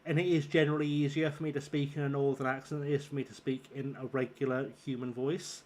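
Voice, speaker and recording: A man's voice: medium pitch, little pitch movement, fast. A tired man with a northern English accent and a sore throat coming on, chatting and swearing his way through live game commentary while teasing his viewers. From southern England. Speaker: streamer. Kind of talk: live gameplay commentary and chat.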